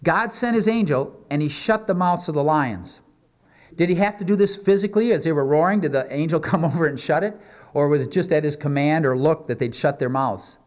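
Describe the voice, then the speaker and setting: A man's voice: on the high side, a little fast, a little mellow. A male pastor preaching a sermon, reading scripture aloud and then explaining it in a conversational way with many rhetorical questions.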